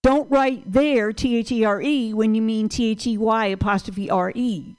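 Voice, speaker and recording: An older woman with a New York accent does stand-up in a small venue, her voice fairly high. She rants brashly and profanely, lecturing the crowd like a stickler. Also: fairly even intonation, moderate pace, darkish tone, smooth. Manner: brash, profane, pedantic ranting. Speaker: stand-up comedian.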